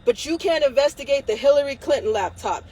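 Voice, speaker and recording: With a high, warm voice, lively intonation and a slightly fast pace, a livestream host rants angrily and defiantly, cursing frequently and sometimes laughing through tears. The audio is poor.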